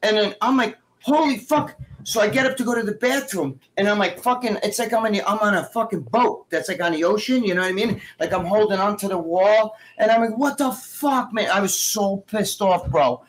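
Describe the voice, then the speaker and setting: Profane, animated middle-aged man telling stories. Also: high-pitched, fairly quick, few pauses. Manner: profane, animated, acts out quoted dialogue. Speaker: guest co-host. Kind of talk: casual live-stream storytelling.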